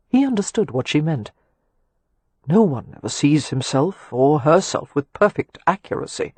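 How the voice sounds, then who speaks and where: A woman reads an audiobook with measured, steady storytelling. Her voice is soft and a little husky, recorded close and dry with no room around it. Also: deep voice, no echo. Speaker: audiobook narrator. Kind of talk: scripted audiobook narration.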